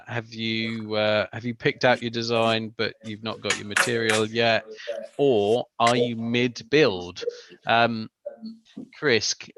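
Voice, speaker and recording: A man's voice: mid-range voice, vocal fry, bright, forceful tone, dry recording. A man hosting a live build-along stream, chatty and greeting viewers as they join. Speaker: stream host and co-presenter. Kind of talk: casual live-stream chat.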